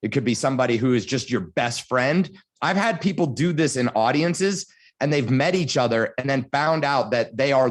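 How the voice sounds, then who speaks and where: On a panel, a man with a medium-pitched voice gives advice as a motivational speaker through storytelling. He tells lively stories and acts out little scenes.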